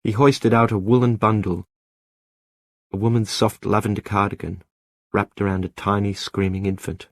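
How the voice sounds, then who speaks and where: A man narrating an audiobook in a measured, lyrical reading. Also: on the low side, little pitch movement, no room sound.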